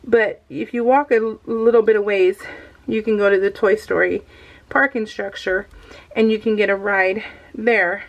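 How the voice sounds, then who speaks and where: In a steady, mid-range voice at normal speed, a middle-aged woman tells a chatty story, though the recording has its highs cut off. Still getting over tonsil surgery, this scrapbooking vlogger coughs from time to time and laughs often.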